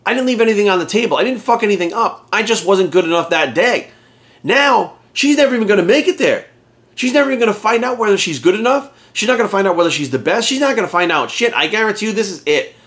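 A middle-aged man rants straight at his audience, swearing constantly and sounding openly exasperated. His voice sits a little on the high side for a man. He talks like a blunt fitness coach sounding off. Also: lively intonation, fast talker, a bit bright. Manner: profane, blunt, exasperated ranting. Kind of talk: ranting commentary to camera.

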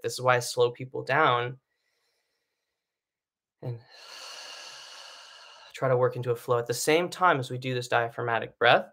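Here a singing teacher, male, gives an easygoing, conversational lesson on breathing, his speech dotted with fillers and habitual "right?" checks. The tone is forward and bright at a plain middle pitch, captured through a live stream setup.

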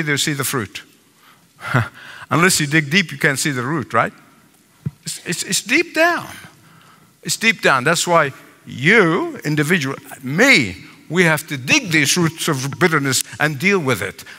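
A man's voice: a little high, vocal fry, pushed and bright. An older man preaching a sermon as pastor, emphatic with repeated phrases and asides. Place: large church sanctuary. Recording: long hall reverb.

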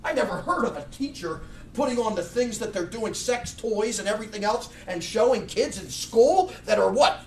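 Fiery pastor with a high voice in an echoey church. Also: male voice, lively intonation, moderate pace, slight background noise. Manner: blunt, fiery, many restarts. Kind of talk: sermon. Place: church sanctuary. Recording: echoey room, mic far off.

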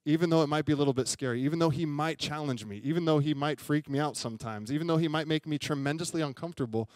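A man's voice: a little high, fast talker, dry recording. A young adult man preaching a sermon, telling a story in a chatty way and often asking the congregation questions. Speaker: pastor. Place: church sanctuary.

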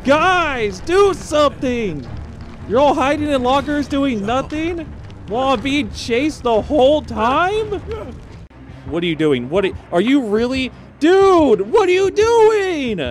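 A man giving loud, excitable commentary while playing a video game, full of exclamations and laughter. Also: very high voice, measured pace, a little hiss or hum. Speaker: gaming streamer. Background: game music.

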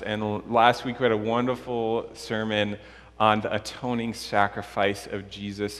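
A man preaching as a pastor, unhurried and pausing often with fillers, praying and reading scripture in a church. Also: fairly low pitch, fairly bright tone. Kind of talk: sermon with prayer and scripture reading. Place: church sanctuary. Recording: long church reverb.

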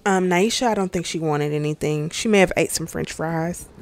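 A woman's voice: fairly low pitch, moderate pace. A woman travel vlogger narrating casually in voice-over, chatty, with filler words and asides to the viewers.

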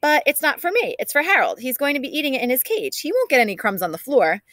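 A woman voicing an eager, cheerful young boy who pleads and gets excited about his pet, as she reads a children's book aloud. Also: extremely high pitch, fast talker, no echo, pitched above the performer's own voice, heavily acted. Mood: pleading.

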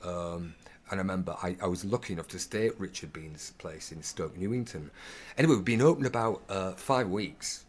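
A man's voice: deep voice, a little fast, a little hiss or hum. A male actor telling stories in a casual interview, acting out the dialogue as he goes. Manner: animated storyteller acting out dialogue. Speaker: actor, podcast guest.

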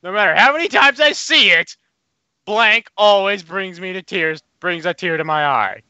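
A man's voice: high-pitched, lively intonation, moderate pace, bright, forceful tone, dry recording, muffled recording. A man hosting a casual card game with friends, joking in a mock-dramatic way over voice chat. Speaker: channel host and player. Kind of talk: casual gaming banter.

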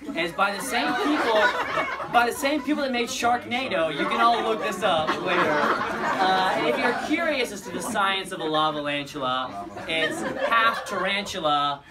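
A young American man doing stand-up, self-deprecating and chatty, with his pitch swinging widely. He laughs through his lines. The recording is distant live club audio, with a loud audience and heavy noise around him. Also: expressive, normal speed, over a noisy crowd. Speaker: stand-up comedian. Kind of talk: stand-up comedy. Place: live comedy venue.

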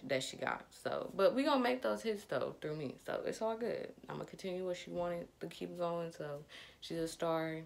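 Low, gravelly young woman vlogging. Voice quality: slight lisp. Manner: chatty and upbeat, with frequent fillers. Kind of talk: casual chat to camera.

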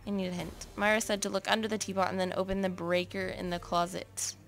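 A woman's voice: medium pitch, little pitch movement, fast talker, a little hiss or hum. A woman giving casual, self-mocking commentary while playing a game, often mumbling to herself. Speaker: let's play gamer.

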